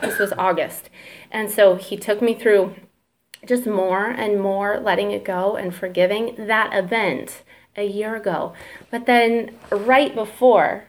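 A woman's voice: medium pitch, steady tone, slow. Woman, 30s, church testimony speaker, candid and emotional, conversational delivery. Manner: candid, chatty, emotional, fillers and asides. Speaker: church member giving a testimony. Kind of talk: personal testimony talk.

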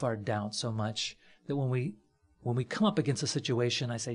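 A man's voice: mid-range voice, brisk. A man preaching a conversational sermon from a church platform, folksy, with joking asides and frequent fillers.

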